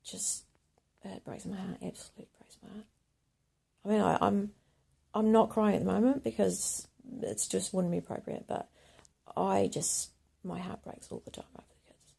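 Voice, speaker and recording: A woman delivering a rambling monologue to camera, often dropping to a hushed whisper. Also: medium pitch, steady tone, moderate pace, vocal fry, husky. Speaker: video blogger.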